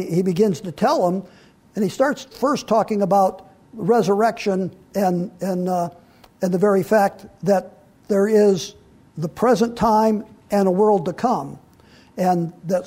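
A male pastor teaches through a Bible passage in a loose, conversational sermon. His voice sits high for a man, with a husky, mellow tone. He often restarts his sentences and slows down when he leans on a quoted verse. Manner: conversational, with frequent restarts and fillers.

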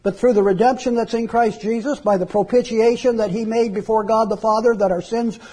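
Male pastor, sermon delivery, higher voice with a husky, mellow tone. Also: steady tone, a little fast. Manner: earnest preaching with scripture reading.

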